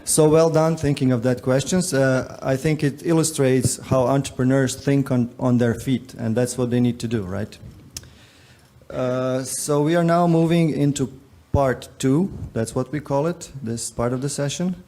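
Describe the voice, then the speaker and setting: A man moderating a conference panel in a relaxed, joking way, with frequent fillers. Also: medium pitch, measured pace. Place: conference stage.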